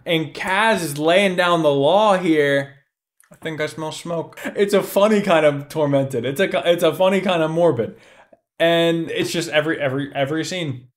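An excitable young man chatting casually as a podcast host, his voice on the high side. He talks in an animated, loose way, with plenty of swearing. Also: moderate pace. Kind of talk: excited casual book talk.

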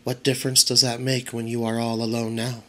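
A man voicing the night stars, quiet and mocking. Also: medium pitch, monotone, a little fast, lightly acted.

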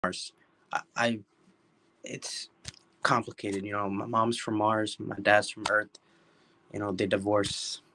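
A man's voice: on the low side, little pitch movement, slow, long pauses, sharp tone. A man raised in the US, chatting on a video call and telling absurd jokes with a straight face. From USA. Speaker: video chat stranger. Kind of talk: casual joking chat.

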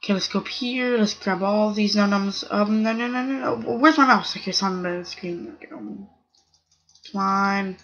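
A gaming channel host giving live gameplay commentary, excitable, repeating short cries of no and come on and exclaiming oh my goodness. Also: medium pitch, moderate pace, highs cut off.

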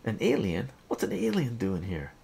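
A man's voice: mid-range voice, wildly swooping pitch, normal speed, vocal fry, mellow, slight background noise, pitched above the performer's own voice, heavily acted. A man doing a brash, riled teenage boy. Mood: exasperated. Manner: exasperated, blurting questions.

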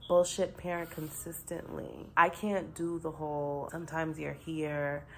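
A woman's voice: deep voice, little pitch movement, a little slow, a little hiss or hum. A young woman vlogging casually to camera, venting bluntly and profanely about her frustrations. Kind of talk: casual vlog rant.

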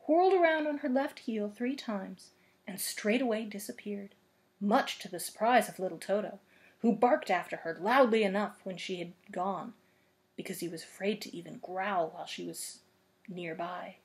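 A woman librarian reading a children's book aloud in a gentle, expressive storytelling manner. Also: medium pitch, moderate pace.

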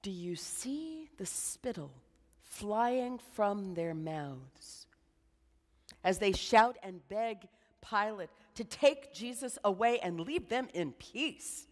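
Slow, hushed woman preaching in a reverberant church. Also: mid-range voice, lively intonation. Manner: slow, dramatic guided meditation with hushed drops. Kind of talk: sermon.

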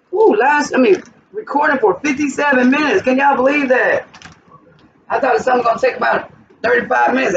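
A woman with a gravelly voice chats the viewer through a recipe in her home kitchen. She sits well back from the mic, and the recording sounds dull and muffled, with steady noise behind her. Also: fairly high pitch, distant mic. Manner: chatty, talks the viewer through each step. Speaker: cooking channel host. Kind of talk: casual cooking vlog.

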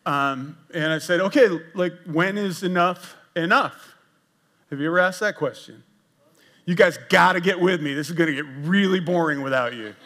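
An older man, an executive pastor, gives a casual, conversational sermon in a church sanctuary. His voice runs on the high side and brisk, and he's jokey and self-deprecating, tossing animated asides to the congregation.

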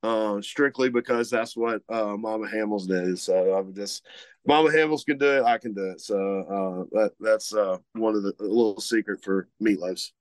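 A man's voice: lowish voice, normal speed, no room sound. A man from Mississippi, chatting casually on a podcast in an easygoing, rambling way full of fillers. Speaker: guest co-host, butcher shop representative.

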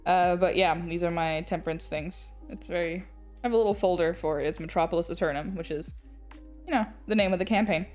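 Faint music plays behind a young Englishwoman with a low, darkish voice who chats briskly on an art stream while drawing. She rambles, restarts sentences, laughs often and swears now and then.

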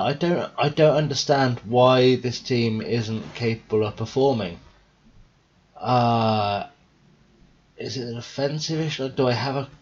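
Tired, husky young man. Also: mid-range voice, highs cut off. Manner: rambling, thinking out loud. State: tired, yawning. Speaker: gaming video host. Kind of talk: casual let's-play commentary.

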